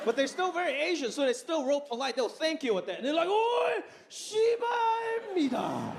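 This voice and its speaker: A fast-talking man with a very high voice does a club stand-up set, spinning animated stories with punchy delivery. The live recording has a laughing audience, with a faint crowd in the background.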